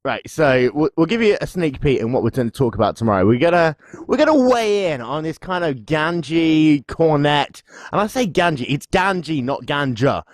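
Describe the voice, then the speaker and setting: A man's voice: on the high side, big pitch swings, moderate pace, dry recording. A man co-hosting a podcast preview, chatting casually, joking and rambling. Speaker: podcast co-host. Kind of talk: casual promo chat.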